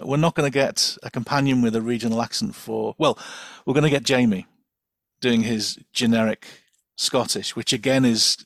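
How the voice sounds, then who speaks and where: A man speaks as a podcast guest in a dry, close-sounding recording. His voice sits at an ordinary middle pitch while he rambles along in an animated, digressive way. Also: no room sound. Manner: animated, digressive, many fillers and restarts. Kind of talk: casual chat.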